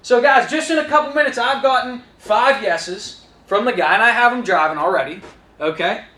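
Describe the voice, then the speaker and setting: A man with a very high, bright voice coaches salespeople, talking straight to his trainees and acting out his own lines to customers. The talk sounds energetic, and his voice rings in an echoey room. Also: normal speed. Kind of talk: instructional talk with acted-out dialogue.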